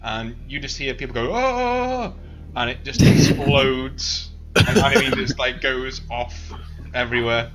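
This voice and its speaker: A man's voice: medium pitch, level tone, moderate pace, hardly any pauses, loud music behind the voice, rough recording. A man narrating as game master over an online voice call, rambling with lots of filler words and laughter.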